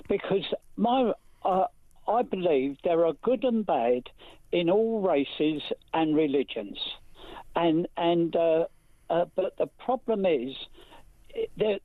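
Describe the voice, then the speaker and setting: A phone-in caller, a man, speaking haltingly with many hesitations. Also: on the high side, no room sound. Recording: tinny phone line.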